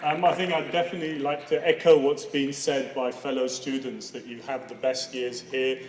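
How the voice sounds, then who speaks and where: A former student speaks on stage with dry, self-deprecating humour. His voice is mid-pitched and rings out in a large hall, heard from some distance with faint clicks behind. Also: level tone, normal speed, noisy background. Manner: light-hearted, self-deprecating jokes. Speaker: former student giving a speech. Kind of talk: anniversary speech. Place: school event hall. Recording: echoey hall, speaker far from mic.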